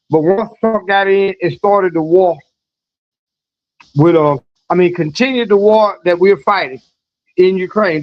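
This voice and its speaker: A man with a high-pitched voice hosts a live news stream, reading articles aloud. He keeps breaking off into loose, mocking commentary with chuckles and restarts. The audio is dull and lo-fi. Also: dry recording.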